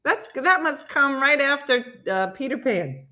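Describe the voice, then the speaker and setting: A woman's voice: high voice, expressive, a little slow, sharp tone. A middle-aged woman hosting a casual live stream, reading viewer comments aloud with playful, laughing asides.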